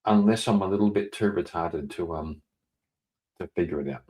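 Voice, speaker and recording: A man streaming live, chatting casually and reading out viewer messages. He rambles, swears, laughs often and breaks into sudden loud, excited outbursts. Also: sits low, normal speed. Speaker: livestreamer.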